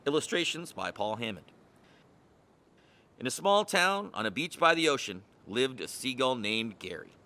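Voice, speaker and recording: A man narrating a children's picture book. His storytelling is expressive and lively, and his tone has a bright, pointed edge. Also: medium pitch, normal speed. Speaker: reader. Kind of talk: picture book read-aloud.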